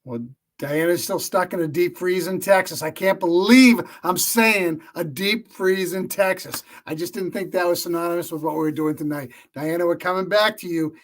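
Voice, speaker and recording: A man's voice: high-pitched, steady tone, moderate pace, hardly any pauses. A man hosting a panel on a video call, upbeat and joking between speakers. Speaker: host.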